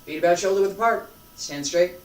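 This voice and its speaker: Qigong instructor, even mid pitch, unhurried guided breathing cues with chatty asides; roomy, off-mic sound. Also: distant mic. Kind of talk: guided breathing lesson with reflective talk.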